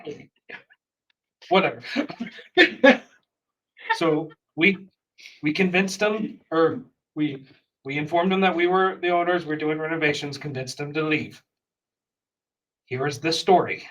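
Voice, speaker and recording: A man walking his fellow players through a plan during a tabletop game, patient and methodical with a note of exasperation. His voice is fairly high. He sounds set back from the microphone. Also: a little slow, long pauses, fairly bright tone, recorded from a distance, low-quality recording. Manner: patient, explaining step by step, exasperated laughs. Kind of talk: tabletop role-play chat.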